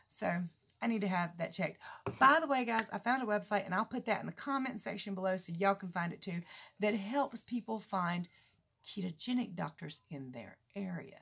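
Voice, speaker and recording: Woman, 40s, gravelly, talkative vlogger, rambling and laughing. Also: expressive, a little fast, a bit bright. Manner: chatty, rambling, laughs a lot, mimics others in high voices. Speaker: keto vlogger. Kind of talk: casual chat to camera.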